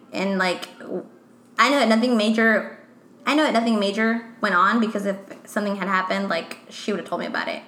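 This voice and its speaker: Young female podcast co-host, chatty and animated, slightly high voice, roomy echo. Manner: chatty, animated, lots of "like" and quoted asides. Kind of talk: casual chat between friends. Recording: echoey room.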